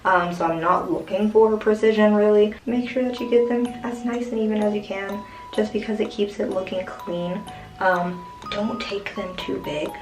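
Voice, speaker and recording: A woman's voice: mid-range voice, steady tone, moderate pace, a little mellow, faint music behind. A young woman casually explaining how she dyes her own hair, rambling with many fillers. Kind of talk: casual home tutorial. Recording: echoey room from far off.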